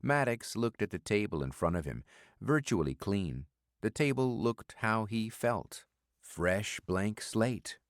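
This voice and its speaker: A man narrating a thriller audiobook with a steady, measured delivery. His voice is very low. The recording is dry and close, with no room sound. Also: no room sound. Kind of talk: scripted narration.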